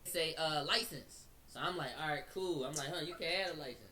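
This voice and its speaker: A man's voice: a little high, fairly quick, far from the mic. Slangy man telling a wild story. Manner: slangy, acts out quotes, speeds up when excited. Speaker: storyteller recounting an incident. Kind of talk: animated casual storytelling.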